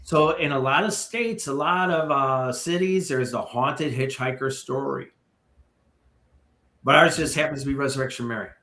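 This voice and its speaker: A man tells a ghost story as a podcast guest, animated and full of asides to the listener. His voice sits in a middle pitch. The recording has a noticeable room echo. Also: normal speed. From Chicago area. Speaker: paranormal tour guide, guest.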